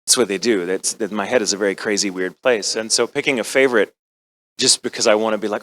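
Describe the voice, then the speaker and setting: A man's voice: lowish voice, brisk, fairly bright tone. A middle-aged American man, a voice actor, chatting with fans on a convention panel in a rambling, self-deprecating way, with playful quoted asides. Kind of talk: casual panel talk to fans.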